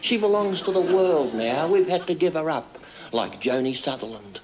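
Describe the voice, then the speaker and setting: A man's voice: fairly high pitch, lively intonation, moderate pace, darkish tone, lightly acted, poor audio. A man playing a drunk, crude, middle-aged Australian diplomat with a broad Australian accent, giving a pompous, rambling speech in a television comedy sketch. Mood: pompous, tipsy. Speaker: comic character monologue. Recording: old 1970s TV broadcast with hiss. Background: studio audience laughter.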